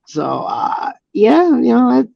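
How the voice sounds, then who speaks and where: A man's voice: very high-pitched, huge pitch swings, slow pace, vocal fry, highs cut off. A man, a professional wrestler, telling stories in a casual interview, rambling with many fillers and restarts.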